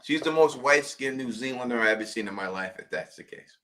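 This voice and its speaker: A man co-hosting a casual livestream, excitable and prone to stumbling restarts while reading comments. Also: medium pitch, fast. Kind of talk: casual call-in livestream chat.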